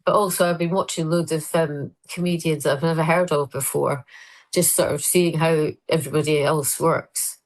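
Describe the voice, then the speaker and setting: A Scottish woman, a comedian guest, telling lively anecdotes in a casual interview and acting out the quotes. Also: low voice, normal speed. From Scotland. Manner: animated anecdotes with acted-out quotes.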